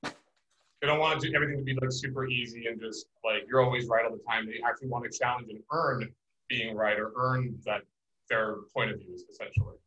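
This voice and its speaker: Male host, bright tense voice, conversational, dull lo-fi recording. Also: medium pitch, fairly even intonation, a little fast, slight background noise. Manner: conversational, rephrases ideas, acts out little scenes. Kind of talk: casual podcast chat. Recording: dull lo-fi sound.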